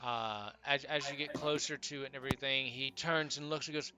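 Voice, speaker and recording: Bright-voiced man running a tabletop game. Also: mid-range voice, smooth. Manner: relaxed, halting narration with fillers. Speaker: game master.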